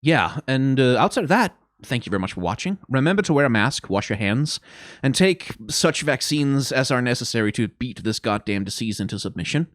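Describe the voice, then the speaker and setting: A man's voice: medium pitch, expressive, a little fast, dry recording. Guy rambling about a game he's playing, self-deprecating and chatty, voice bounces around a lot. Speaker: let's play host. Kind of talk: casual commentary.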